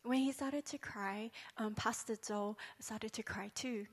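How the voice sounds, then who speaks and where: A woman interpreting a sermon into English line by line, halting, with many fillers and self-corrections. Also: a little high, fairly even intonation, breathy edge.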